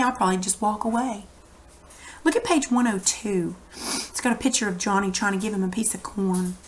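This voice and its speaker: A woman's voice: on the high side, a little hiss or hum. Woman reading aloud to children. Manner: expressive read-aloud, patient explaining to children. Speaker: teacher. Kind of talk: reading a story aloud and asking comprehension questions.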